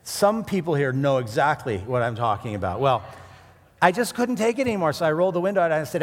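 A man preaching a sermon, mixing scripture with animated personal stories and jokes. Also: medium pitch, fast talker. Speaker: pastor. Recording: long hall reverb.

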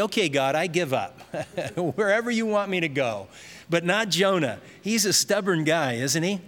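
A man delivers a sermon in a storytelling way, acting out the small scenes he describes. His voice sits a little high for a man. The room adds a long, hall-like reverb. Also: fairly bright tone. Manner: storytelling preacher, acts out voices in anecdotes. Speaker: pastor.

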